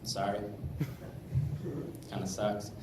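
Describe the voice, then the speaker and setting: A young man performs stand-up on a club stage, rambling and leaning heavily on fillers. His lowish voice is completely flat and slow, picked up by a distant mic in an echoey, noisy room.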